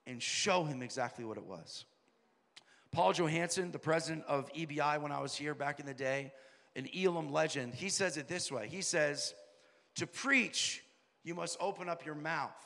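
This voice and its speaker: A man preaching a sermon, telling a story and quoting people in a lowered voice. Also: fairly quick, pushed and bright. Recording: long hall reverb.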